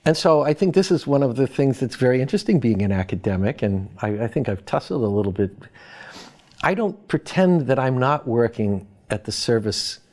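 A man from Boston, an academic guest, giving reflective interview answers in a measured, thoughtful way with pauses. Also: mid-range voice, expressive, darkish tone.

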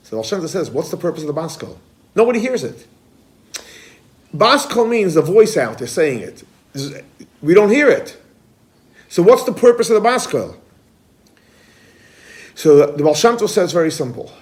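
A man teaching a spoken lesson on mystical texts, with a somewhat high pitch. He swings between loud, urgent calls and soft, hushed passages. He keeps asking questions and answering them himself. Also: sing-song, moderate pace, pauses often. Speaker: rabbi teaching a Kabbalah class. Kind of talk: lively spoken Torah lesson.

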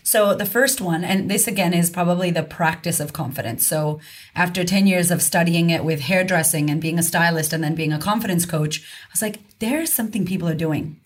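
A woman's voice: on the low side, fairly quick. A woman being interviewed as a confidence coach, speaking frankly and emphatically with casual swearing. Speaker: guest, confidence coach and author. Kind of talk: candid conversational interview.

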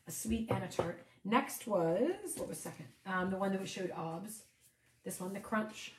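A woman's voice: mid-range voice, moderate pace, roomy sound, distant mic, noisy background. A woman co-hosting a casual beer-tasting podcast, bubbly and teasing, often giggling. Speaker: podcast co-host.

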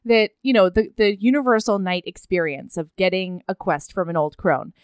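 A woman's voice: medium pitch, normal speed, clean tone, no echo, clean studio sound. A woman co-hosting a podcast, playfully retelling a movie plot in casual chat and giggling often. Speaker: podcast co-host.

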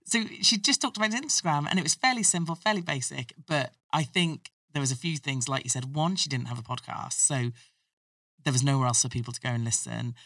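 A guest podcaster talks in a loose, rambling way, circling back on thoughts. The voice is mid-pitched, with a dry sound, recorded a little away from the mic. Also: brisk, bright, forceful tone, no echo, recorded from a distance. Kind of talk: casual chat.

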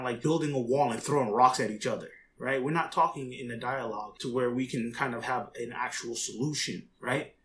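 A man's voice: medium pitch, a little hiss or hum. A young adult man in a casual opinion monologue, rambling and conversational, his voice jumping up when he quotes others. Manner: rambling, conversational, frequent "you know what I mean"; animated, voice jumps up when quoting others. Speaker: commentator.

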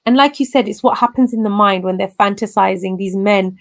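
A woman's voice: medium pitch, fairly quick, creaky. A woman speaking candidly and emphatically in conversation, slipping into Punjabi phrases as she recounts her experiences. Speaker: guest sharing personal story.

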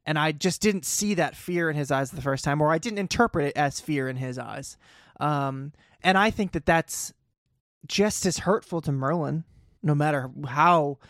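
A man's voice: fairly high pitch, normal speed, a bit bright, no echo, studio quality. A man co-hosting a casual podcast, animatedly recapping an episode and reading quotes aloud. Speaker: podcast co-host.

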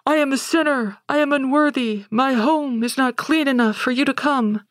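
A woman's voice: sits high, moderate pace, no room sound, clean studio sound, voice pushed up, lightly acted. A woman voicing an older village man who is humble and fearful, speaking in a raised, pleading, self-abasing way.

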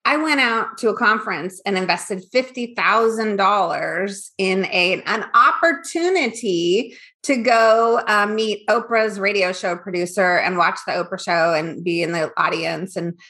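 Bright-voiced woman, candid and animated. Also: medium pitch, unhurried. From Northern California. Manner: candid and animated, acts out her past thoughts. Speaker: guest, business owner. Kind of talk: casual interview chat.

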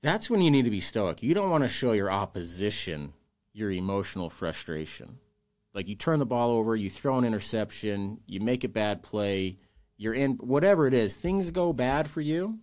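A man's voice: on the low side, big pitch swings, moderate pace, a little mellow. A man as a podcast guest, talking earnestly and emotionally about loss and carrying on. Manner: earnest, emotional, speaks openly about grief. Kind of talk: candid interview conversation.

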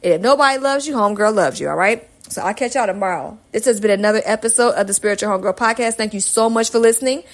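A woman's voice: medium pitch, fast, hardly any pauses. Upbeat woman podcast host, slangy. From Atlanta, Georgia, USA. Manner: upbeat and slangy, reading off a long list of places. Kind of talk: casual solo podcast shout-outs.

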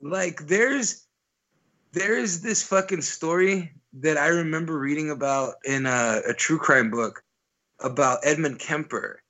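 A man's voice: a little high, measured pace, pushed and bright, dull audio. Rambling, profane male podcast co-host. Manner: rambling, profane, many "like" fillers. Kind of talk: casual storytelling chat.

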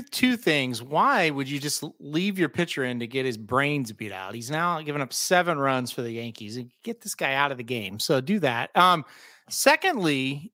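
A man's voice: on the high side, pushed and bright, no room sound, studio quality. A man co-hosting a casual podcast, chatting and laughing about his bets. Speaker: podcast co-host. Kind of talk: casual chat.

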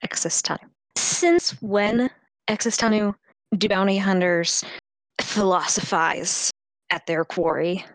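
A woman's voice: on the low side, steady tone, a little slow, a bit bright, no room sound. A woman playing a tabletop role-playing game, bantering wryly and suspiciously in character. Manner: wry, suspicious banter with laughs. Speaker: player.

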